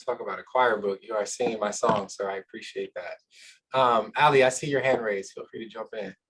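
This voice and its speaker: A man moderating a panel discussion over a video call, speaking in a measured, affirming way. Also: lowish voice, fairly even intonation, a bit bright, slightly rough, poor audio.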